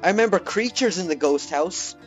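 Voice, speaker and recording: A man's voice: sits high, animated, a little fast, soft background music. A young man commentating his gameplay live, frustrated and swearing often. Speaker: let's play gamer.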